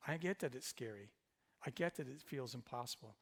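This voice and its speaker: A male pastor preaching a sermon, swinging between loud emphatic passages and quiet, intimate ones. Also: mid-range voice, fairly quick. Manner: speaks in Jesus's voice to the listener.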